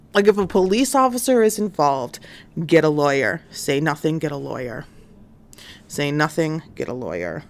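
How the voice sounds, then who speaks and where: Chatty woman recapping a case. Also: lowish voice. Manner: chatty, many fillers, acts out quotes. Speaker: stream host. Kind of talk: casual true-crime recap.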